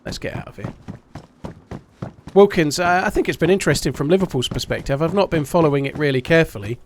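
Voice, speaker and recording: A man's voice: a little high, fast, a little hiss or hum. A man chatting casually on a live game stream at home, swearing freely and thanking his supporters. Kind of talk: casual live-stream chat while gaming.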